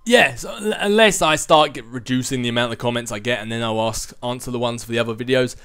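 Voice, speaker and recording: A relaxed man in an everyday mid-range voice talks through viewer questions, easygoing and prone to little chuckles. Faint music plays underneath. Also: mid-range voice, quick pace. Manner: chatty and easygoing, chuckling between thoughts. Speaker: gaming channel host. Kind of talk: casual viewer Q&A chat.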